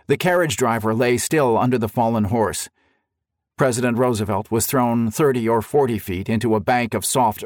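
A man's voice: medium pitch, dry recording, studio quality. A man narrating a historical story for an audiobook, telling it in a dramatic, vivid way.

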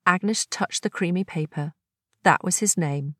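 A female audiobook narrator reads a novel from a script in a calm, measured storytelling voice. Her voice is lowish, and the studio sound is clean with no echo.

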